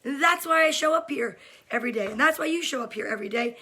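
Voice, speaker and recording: A woman's voice: high voice, animated, quick pace, sharp tone. A woman hosting a cheerful daily livestream for kids from her home, chatting casually and greeting viewers by name. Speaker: host of a daily kids' livestream. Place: home room during quarantine.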